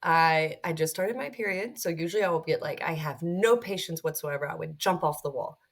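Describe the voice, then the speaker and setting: A middle-aged woman, a podcast guest, talking about her own experience in an animated, storytelling way that acts out other people's voices. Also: deep voice, a little fast, vocal fry. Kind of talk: conversational podcast interview.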